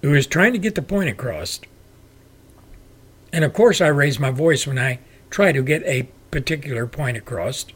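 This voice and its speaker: A man hosting his own show, delivering a loud, forceful political rant. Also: mid-range voice, animated, moderate pace, breathy edge. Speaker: show host. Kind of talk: political commentary monologue.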